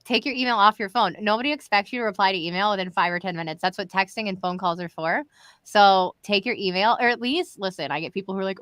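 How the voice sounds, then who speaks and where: A woman's voice: mid-range voice, animated, fast, pushed and bright, no echo. A woman hosting a live stream in casual, chatty talk, addressing viewers directly. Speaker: live show host. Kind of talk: casual livestream chat.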